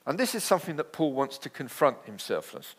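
A man preaching a sermon in a conversational, animated way, with asides and jokes. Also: medium pitch, a little fast, slightly rough. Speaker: pastor.

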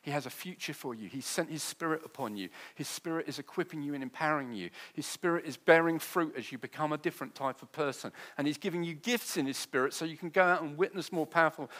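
A man preaching a sermon, his delivery moving between quiet tender passages and loud rousing ones. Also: fairly high pitch.

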